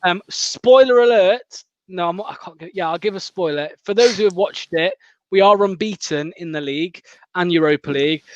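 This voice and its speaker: A young man with a high voice rambles and jokes through a fan show, full of fillers and quick asides. His voice comes through dull and dry, like muffled video-call audio. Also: dry recording. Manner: chatty, jokey, rambling with many fillers. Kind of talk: casual chat.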